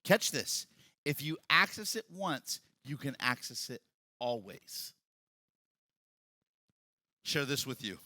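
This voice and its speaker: A male pastor preaching a sermon, swinging from quiet talk to loud shouted passages. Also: mid-range voice, big pitch swings, takes it slowly, pauses often, no room sound. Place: church hall with congregation.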